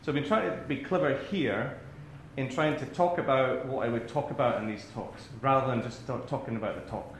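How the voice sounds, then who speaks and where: A Scottish man opens a lecture with rambling, self-deprecating asides and frequent restarts. His voice sits at an ordinary middle pitch. The room is echoey, with a faint hum of ambience behind him. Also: brisk, hardly any pauses. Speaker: academic speaker. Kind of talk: lecture to a live audience.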